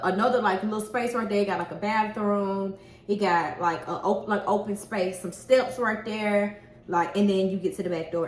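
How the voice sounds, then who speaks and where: Animated woman telling a story, echoey room. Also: mid-range voice. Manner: animated, profane, acts out quoted dialogue. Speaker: nail technician. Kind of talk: casual storytime vlog. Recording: echoey room with faint noise.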